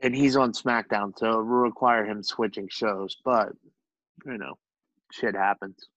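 Young male co-host, opinionated and self-mocking, low voice, dull dry lo-fi sound. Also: fairly even intonation, measured pace, fairly bright tone, no room sound. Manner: opinionated, laughs at himself. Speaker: podcast co-host. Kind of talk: casual chat about pro wrestling.

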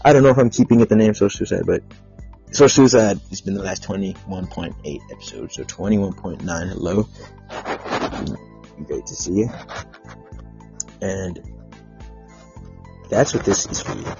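A man's voice: low-pitched, moderate pace, creaky, pauses often, warm tone, muffled recording, soft background music. A man hosting his own podcast livestream, rambling in a profane, self-aggrandizing way. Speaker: podcast host.

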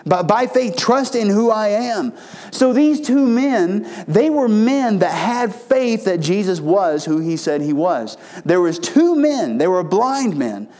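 A male pastor with a fairly high voice preaches a sermon in a folksy storytelling way. He often trips over and restarts his phrases, then climbs in pitch to stress a point. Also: sing-song, slow pace, dark tone. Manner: folksy storytelling, frequent restarts, rising emphasis.

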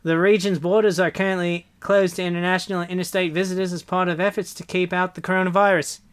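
A man's voice: sits high, level tone, clear, resonant tone, lightly acted. A man doing a wobbly fake Australian newsreader. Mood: newsreading. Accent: imitated Australian, slipping. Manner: halting, with fillers and slips. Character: man reading news in a shaky put-on Australian accent. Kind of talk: read news report.

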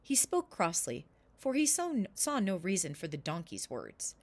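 Animated woman reading a children's story. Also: on the low side, normal speed, dry recording. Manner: expressive, animated narration.

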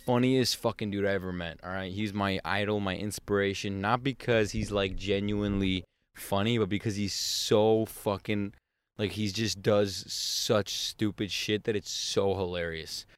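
A man telling a story in casual chat, animated and full of swearing. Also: fairly low pitch, normal speed, clear, resonant tone, no room sound.

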